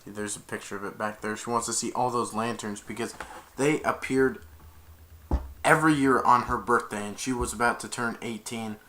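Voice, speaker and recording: A man talks through a film's story in a loose, rambling way, linking every event with "and then". His voice is bright and forward, and his pitch sits in the middle. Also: fairly even intonation, moderate pace, slight background noise. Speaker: film reviewer. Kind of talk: casual plot retelling.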